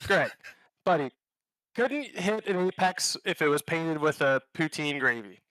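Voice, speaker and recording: A man's voice: on the high side, animated, measured pace, pushed and bright, no room sound, rough recording. A Canadian man giving a comic, alliterative trash-talk intro as a league racer. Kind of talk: scripted comic hype intro.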